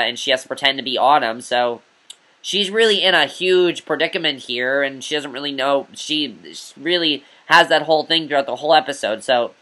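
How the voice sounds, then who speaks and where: A man's voice: a little high, pushed and bright. A man giving a casual, rambling review of a TV episode, eager and repetitive, with lots of fillers. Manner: rambling, eager, repeats himself with many fillers.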